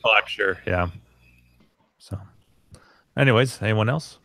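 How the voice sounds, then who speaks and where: A man hosting a podcast, chatting casually and explaining hardware details in a relaxed way. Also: lowish voice, unhurried, vocal fry, no room sound, clean studio sound. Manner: laid-back, short affirmations, technical explanations. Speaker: podcast host. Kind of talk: casual chat.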